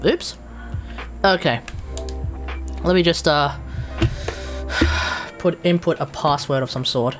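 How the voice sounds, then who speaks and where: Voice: mid-range voice, very animated, slow, pauses often, a bit bright, soft background music. An Australian live streamer in casual chat, rambling and exasperated, with mild swearing.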